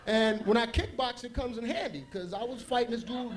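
A man's voice: very high-pitched, brisk. A man doing a stand-up comedy set on a club stage, telling loose, rambling stories with asides.

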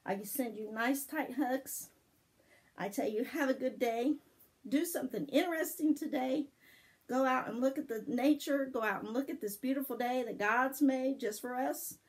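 An older woman with a husky voice, gently telling a story and devotional to her grandchildren. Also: fairly high pitch, poor audio. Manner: gentle, affectionate, sings softly. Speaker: storyteller for children.

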